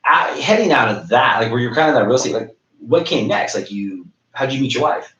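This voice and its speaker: A man's voice: mid-range voice, fairly quick. A man hosting a podcast, chatting casually and animatedly with frequent stumbling restarts. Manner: animated, stumbling restarts, acts out other people's talk. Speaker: podcast host, realtor. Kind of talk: casual interview conversation. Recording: echoey room, dull lo-fi sound.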